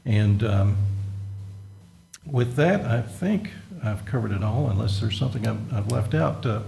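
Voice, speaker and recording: A gravelly-voiced man speaks as a county magistrate at a public meeting. He talks in an easygoing, folksy way full of fillers. The sound is roomy, with a faint hum behind him. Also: medium pitch, animated, dark tone. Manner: folksy, many pauses and fillers. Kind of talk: council meeting remarks.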